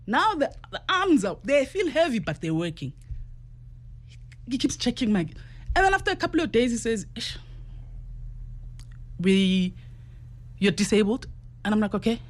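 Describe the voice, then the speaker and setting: A woman's voice: a little high, sing-song, normal speed. A South African woman, a guest, vividly recounting a personal story and acting out what others said, in a studio. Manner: vivid, repeats quoted speech. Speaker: guest, para-athlete and journalist.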